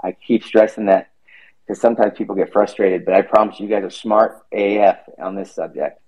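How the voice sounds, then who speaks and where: A man's voice: on the low side, steady tone, brisk, a little mellow, low-quality recording. A man hosting a podcast, chatting casually and rambling, swearing freely. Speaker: podcast host. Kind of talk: casual chat.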